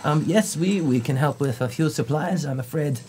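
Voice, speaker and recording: A man voicing an older male dwarf blacksmith who speaks politely with halting, stammering, slightly formal phrasing. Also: on the high side, darkish tone, a little hiss or hum, pitched above the performer's own voice, close to an everyday voice. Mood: hesitant.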